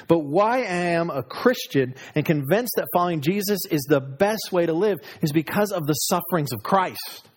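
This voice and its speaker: A man preaching a sermon, moving between loud, high exclamations and low, hushed asides. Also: lively intonation, moderate pace, few pauses, slightly rough. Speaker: pastor.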